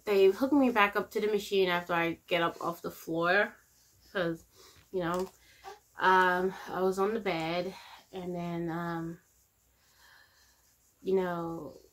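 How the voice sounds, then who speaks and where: A young woman vlogging at home, telling a personal story in a rambling, halting way with lots of fillers and restarts. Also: lowish voice, steady tone, a bit bright. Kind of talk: casual storytelling to camera.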